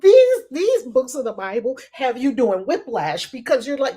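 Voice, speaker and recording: Woman host, husky edge, bouncy animated pitch, constant amused laughter in casual commentary. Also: moderate pace, few pauses. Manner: laughs often, incredulous and animated. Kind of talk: casual commentary on scripture reading.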